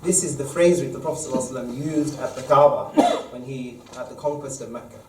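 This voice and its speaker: A man, an imam, leading a Quran study lesson, explaining verses at length and reciting Arabic quickly, recorded in an echoey mosque hall from a distance. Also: medium pitch, fairly even intonation. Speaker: imam teaching a study circle. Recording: echoey room, mic far off.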